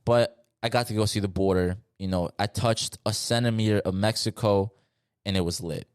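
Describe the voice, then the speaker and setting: A young man from South Florida hosting a solo podcast, talking in an animated, slangy and emphatic way with frequent asides. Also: lowish voice, normal speed, clear, resonant tone, dry recording, clean studio sound. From South Florida, USA. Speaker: podcast host.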